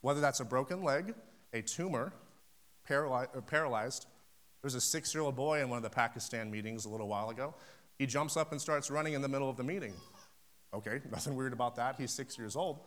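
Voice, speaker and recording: A man's voice: medium pitch, fast, fairly bright tone. A man preaching a sermon, fervent and building to emphatic peaks as he tells stories of ministry. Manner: storytelling, acting out phone conversations. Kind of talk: sermon with personal story.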